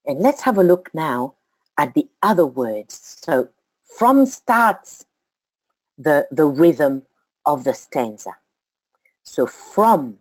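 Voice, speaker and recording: A woman giving a slow, deliberate study talk to a group, counting out syllables as she teaches. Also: deep voice, very animated, a little mellow, dry recording.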